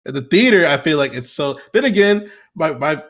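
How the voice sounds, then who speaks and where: A young man co-hosting a casual chat, relaxed and easygoing. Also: on the high side, moderate pace. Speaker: podcast co-host.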